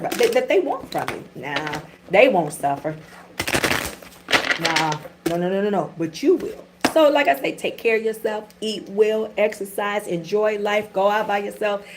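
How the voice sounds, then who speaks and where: A middle-aged woman talking loosely and candidly to her livestream audience, with slang and swearing. Her voice sits at a middle pitch. A faint hiss with scattered clicks runs under the recording. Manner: chatty and candid, with swearing and vernacular. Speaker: tarot reader and channel host. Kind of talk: casual livestream chat.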